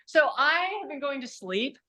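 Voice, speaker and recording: An older woman, a guest author on a podcast, talking in an animated, profane way and acting out her own reactions. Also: sits high, normal speed. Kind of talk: casual podcast interview.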